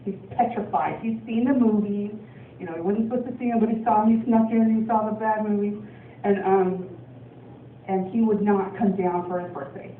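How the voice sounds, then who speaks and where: A woman's voice: mid-range voice, fairly even intonation, moderate pace, slight background noise. A woman from Portland, Oregon, doing a stand-up comedy set, rambling with lots of ums and laughs. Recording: distant, echoey, phone-like club recording.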